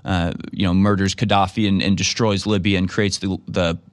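A man's voice: low-pitched, level tone, moderate pace, dry recording, clean studio sound. A man giving casual, sarcastic political commentary, rambling and repeating himself as he reacts to a replayed clip.

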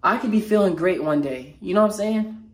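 Animated even while feeling low, a mental health motivational speaker talks off the cuff in a personal vlog. His speech stumbles along, raw and emotional, littered with slangy fillers and restarts.

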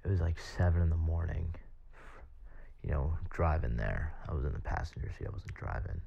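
A young man hosting a podcast, rambling and halting with lots of fillers. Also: very deep voice, very animated, vocal fry, breathy edge. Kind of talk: casual monologue answering questions. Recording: dull lo-fi sound.

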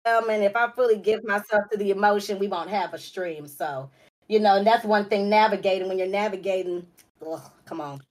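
A woman's voice: mid-range voice, moderate pace, a little mellow. A woman guest on a live stream, talking through tears and laughter with effusive thanks. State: crying. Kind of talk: emotional live stream chat.

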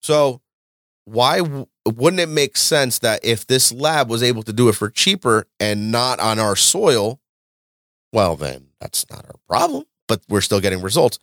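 A man hosting a podcast, ranting and lecturing in a loud, profane, animated way. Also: mid-range voice, unhurried, dry recording, studio quality. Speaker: podcast host. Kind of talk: casual podcast chat.

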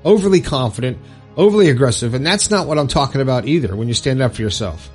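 A man's voice: medium pitch, expressive, fast, faint music behind. A man giving earnest motivational advice, coaching listeners step by step and checking in with them often. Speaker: self-help video host.

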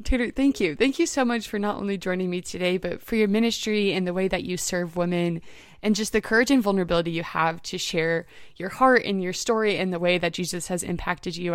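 A young woman hosting a faith podcast, soft-spoken and gently affirming her guest. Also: fairly low pitch, steady tone, quick pace, clear, resonant tone, dry recording, studio quality. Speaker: podcast host. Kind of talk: faith-based interview conversation.

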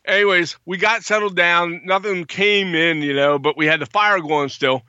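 A man recounts a story in an animated, bright voice that leaps up for quoted lines. The sound is dry and a little dull, like a lo-fi recording. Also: high-pitched, moderate pace, clean tone, no echo. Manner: animated, acts out quotes in a raised voice. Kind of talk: casual storytelling.

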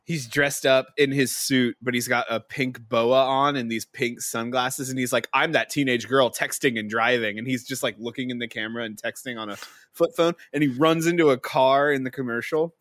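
This podcast co-host has a mid-range voice and speaks at a normal speed with few pauses. He chats casually, spinning stories full of laughter and animation, and the clean studio recording carries no room sound.

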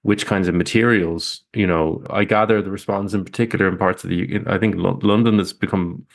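A man's voice: low voice, steady tone, a little fast, vocal fry. A man co-hosting a podcast, talking casually with hesitant restarts.

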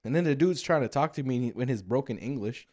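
Animated young man telling stories. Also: mid-range voice, fast. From Las Vegas. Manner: animated storyteller, swears freely. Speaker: podcast host. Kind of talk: casual chat.

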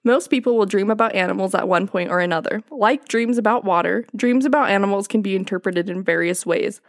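A woman's voice: mid-range voice, fairly quick, no room sound. A young woman co-hosts a casual podcast, reading from her notes in a mid-range voice. She keeps slipping into fits of giggles. The sound is dry and close. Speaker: podcast co-host.

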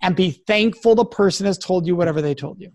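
Guy with a pretty high voice, earnest and emphatic, guest on an interview talking through advice. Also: quick pace, a little hiss or hum. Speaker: guest expert. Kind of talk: interview conversation.

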